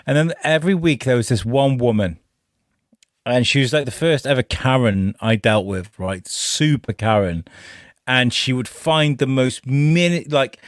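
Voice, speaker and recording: A man in his thirties hosts a podcast and tells a story with loose, salty energy, swearing freely. His voice sits at an ordinary middle pitch. The sound is dry and close, with no room around it. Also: moderate pace, no echo. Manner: swearing, animated, laughs often. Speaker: podcast host. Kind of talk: casual storytelling chat.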